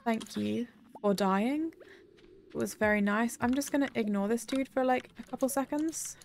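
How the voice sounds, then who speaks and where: A woman's voice: a little high, normal speed, gravelly. A young woman chatting casually on a live game stream, rambling and giggling as she talks to her viewers. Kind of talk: casual live-stream chat while gaming.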